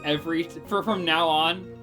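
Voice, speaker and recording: A chatty woman streamer talking over her game in a lowish voice, joking and bursting out now and then. Game music plays clearly behind her the whole time. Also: steady tone, normal speed. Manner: chatty, joking, loud outbursts. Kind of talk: casual game commentary.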